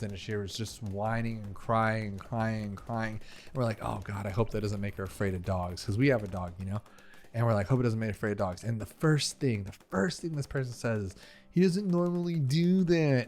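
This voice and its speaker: A man giving casual commentary over gameplay, rambling into talkative, emphatic stories and sounding exasperated. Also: fairly low pitch. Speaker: gaming video creator.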